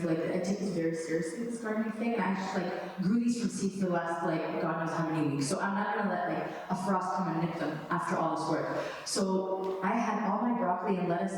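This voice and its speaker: Chatty woman in an echoey hall. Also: on the low side. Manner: chatty and animated, lots of "like" fillers. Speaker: speaker at a church talk. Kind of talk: casual faith talk to an audience. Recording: echoey hall, faint background noise.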